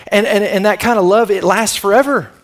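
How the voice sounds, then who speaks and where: A high-pitched, fairly quick male voice belongs to a middle-aged pastor giving a sermon. He keeps it conversational and asks the congregation to answer him.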